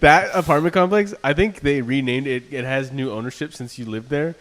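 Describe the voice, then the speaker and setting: A man co-hosting a podcast in casual chat, joking and quick to laugh. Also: medium pitch, a bit bright. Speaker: podcast co-host.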